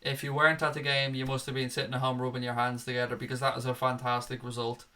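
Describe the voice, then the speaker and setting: A man's voice: medium pitch, monotone, fast, bright, forceful tone. A young man hosting a live fan show, chatting casually as he reads out viewer comments and calls them mate. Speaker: fan channel host. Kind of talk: live stream chat reading viewer comments.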